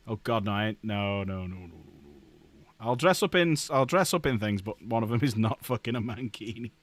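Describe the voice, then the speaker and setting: A man's voice: medium pitch, lively intonation, moderate pace, a bit bright. A man hosting a casual live stream at his desk, joking, swearing and laughing often. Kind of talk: casual live-stream chat while building models.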